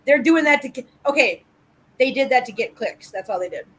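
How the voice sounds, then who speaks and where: A woman's voice: high-pitched, lively intonation, brisk, fairly bright tone, slightly rough, rough recording. A woman hosting a casual live chat about cats, playful and mock-offended. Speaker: livestream host.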